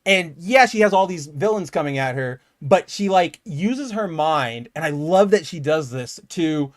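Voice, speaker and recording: A man's voice: fairly high pitch, animated, measured pace. A young man co-hosting a casual comic book podcast, talking animatedly and acting out quoted lines. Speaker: podcast co-host.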